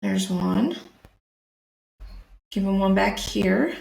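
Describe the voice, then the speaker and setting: A woman's voice: medium pitch, animated, drawn-out words, creaky, darkish tone, reverberant, rough recording. A woman chatting casually as she draws on a live stream, talking through each step. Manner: chatty, talks through her work. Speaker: streamer and artist. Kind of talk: live-streamed drawing commentary.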